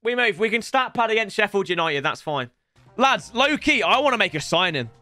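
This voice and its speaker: A young man commentating on a video game, talking to his viewers in a chatty, slangy way and breaking into loud excited outbursts. His voice sits high and swings widely in pitch, with a bright, forceful edge. The sound is dry and close, with faint game music behind him. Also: fairly quick, no room sound. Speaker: gaming YouTuber. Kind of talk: live gameplay commentary.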